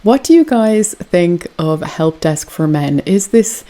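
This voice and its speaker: A woman's voice: fairly low pitch, animated, unhurried, dark tone. A woman hosting a meme compilation, giving wry, amused commentary between clips.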